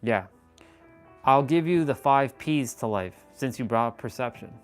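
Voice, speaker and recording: A man's voice: mid-range voice, expressive, measured pace, faint music behind. Intense man preaching self-empowerment on a live stream. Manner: preachy, intense, casual with swearing. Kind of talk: motivational live-stream talk.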